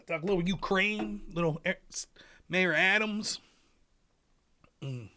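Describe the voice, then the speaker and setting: Man, from rural Pennsylvania, livestream host, sarcastic, animated, bright sharp voice. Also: high-pitched, takes it slowly. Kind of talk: political livestream commentary.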